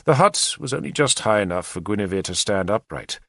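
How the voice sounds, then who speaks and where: A man narrating a historical novel in first person, measured and expressive. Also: fairly low pitch, vocal fry, no echo, studio quality. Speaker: audiobook narrator.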